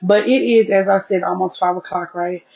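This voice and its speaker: A woman's voice: mid-range voice, steady tone, normal speed, gravelly, darkish tone. A woman hosting her solo podcast, chatting folksily into an earpiece mic and often checking in with "okay?". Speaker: podcast host. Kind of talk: casual solo podcast chat. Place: seated at home with devices. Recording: dull lo-fi sound.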